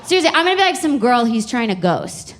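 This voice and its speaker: A woman's voice: on the high side, sing-song, fast, slight background noise. A young woman doing a stand-up comedy set, telling stories in a chatty, exasperated way with playful emphasis, on a club stage mic.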